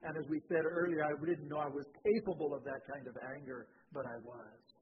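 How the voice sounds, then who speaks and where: Male pastor, sermon with animated storytelling, slightly high voice, tinny lo-fi recording. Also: brisk. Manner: animated storytelling with sudden rises in pitch and volume. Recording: tinny phone-like sound with faint noise.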